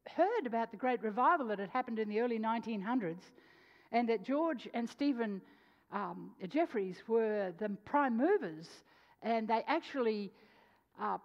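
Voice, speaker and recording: A woman preacher telling a story in a sermon, animated, swinging between loud and hushed delivery. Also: on the high side. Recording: dull lo-fi sound with long hall reverb.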